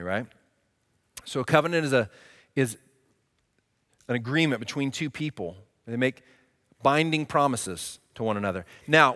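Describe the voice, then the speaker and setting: A male pastor delivers a sermon in a relaxed, conversational tone, often stopping to check in with his listeners. His voice is fairly high and bright, and it sounds close and dry with almost no room echo.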